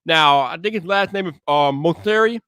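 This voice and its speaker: A man hosting a live tech podcast, his voice bright and forward and a touch higher than most men's. He talks in a relaxed, slangy way, greeting viewers by name, and gets loud and pumped when he kicks off the show. The sound is close and dry, with almost no room behind it. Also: normal speed, clean tone, dry recording. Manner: hypes up his intro with shouted, high-energy greetings. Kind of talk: casual live-stream podcast chat.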